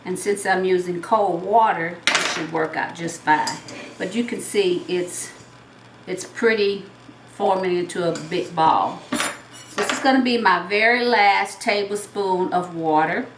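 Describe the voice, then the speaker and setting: A woman's voice: fairly low pitch, a little slow, noisy background. A woman with a Southern US accent hosting a home cooking show, explaining each step in a chatty way. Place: home kitchen. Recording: roomy, mic at a distance.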